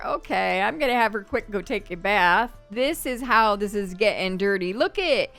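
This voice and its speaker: A woman's voice: mid-range voice, lively intonation, normal speed, few pauses, fairly bright tone, soft background music. A woman giving casual let's-play commentary, chatting to the game characters as she plays. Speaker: gameplay commentator.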